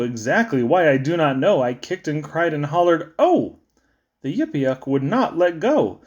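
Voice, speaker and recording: A man giving a playful, sing-song reading of children's poems, with sudden high squeaks and low drops. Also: a little mellow, highs cut off. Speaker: poetry reader.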